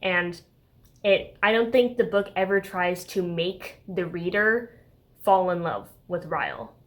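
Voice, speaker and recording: A woman reviewing a book in a casual vlog, talking in a heated, exasperated way with lots of "like" and "okay?". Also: mid-range voice.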